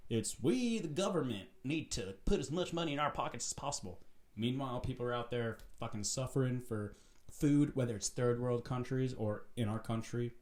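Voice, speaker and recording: A man hosting his own vlog, delivering a profane, animated rant in a casual, preachy way. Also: mid-range voice. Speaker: vlog host. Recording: roomy echo.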